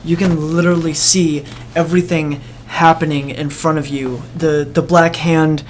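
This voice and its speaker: A game master casually narrating a tabletop role-play, pausing and restarting as they go. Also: medium pitch, little pitch movement, a little hiss or hum. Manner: casual, with halting fillers and restarts.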